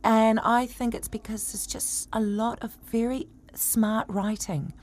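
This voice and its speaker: A woman's voice: on the high side, steady tone, a little slow, darkish tone. A woman, an actress chatting enthusiastically as a radio interview guest. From New Zealand.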